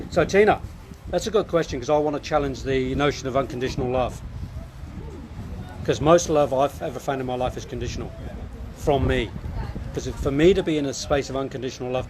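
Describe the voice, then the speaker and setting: A man's voice: mid-range voice, background noise. A man, hosting a live show and coaching viewers with earnest, reflective answers. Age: 50s. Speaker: host.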